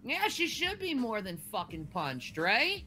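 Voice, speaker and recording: A woman's voice: on the high side, huge pitch swings, unhurried, sharp tone, soft background music. An enraged woman streamer in a furious, profane tirade, stammering as she repeats herself. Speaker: livestreamer. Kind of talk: angry livestream rant.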